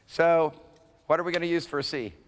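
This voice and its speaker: A Hebrew instructor holds an introductory class in a lecture room, speaking a little fast in a fairly high, steady voice. There's a big-room sound and slight background noise, and he talks casually, often checking in with "okay?"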